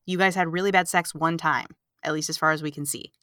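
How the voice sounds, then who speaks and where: A woman co-hosts a relaxed movie podcast, retelling the plot with animated sarcasm and little put-on character lines. Her voice is bright and forward. The sound is dry and close, with no room around it. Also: low-pitched, fast talker, no echo. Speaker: podcast co-host. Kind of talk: casual movie recap chat.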